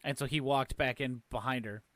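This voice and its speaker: A man's voice: mid-range voice, steady tone, brisk, a bit bright, dry recording. A man co-hosting a podcast in casual chat, recounting an incident step by step. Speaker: podcast co-host.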